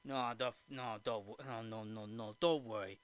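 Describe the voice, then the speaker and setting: A man voicing a fretful, soft-hearted old male woodcarver who exclaims often. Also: fairly high pitch, very slow, creaky, no room sound, exaggerated voice. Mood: soothing.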